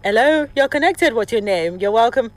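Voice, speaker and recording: Lively high-voiced Nigerian woman radio host. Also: moderate pace. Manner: lively, exclamatory, laughs often. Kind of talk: call-in radio show, reading listener messages.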